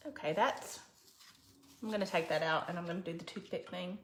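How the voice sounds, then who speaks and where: A woman's voice: on the low side, fairly quick. Lady doing a craft livestream, chatty w her viewers, kinda echoey room. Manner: chatty, talks to viewers by name, gets teary. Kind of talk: casual livestream crafting chat. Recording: echoey room with faint background noise.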